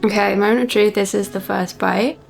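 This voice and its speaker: Young woman, casual vlog chat, gravelly fry, soft guitar music in the background. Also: mid-range voice, steady tone, moderate pace. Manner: chatty and enthusiastic, drops to a soft hush while reading. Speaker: vlogger. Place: cosy home reading corner.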